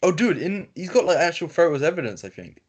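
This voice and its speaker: A man's voice: on the high side, sing-song, husky. A man, co-hosting a podcast over a video call, reading a story aloud in casual chat with many fillers and restarts. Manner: reads haltingly with fillers and self-corrections. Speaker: podcast co-host reading stories. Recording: lo-fi call audio.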